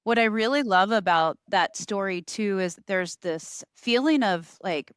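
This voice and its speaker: A woman's voice: on the low side, a bit bright, clear, resonant tone, dry recording, clean studio sound. A woman co-hosting a podcast, reflecting thoughtfully in casual conversation with frequent "like". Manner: reflective, uses filler "like". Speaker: podcast co-host.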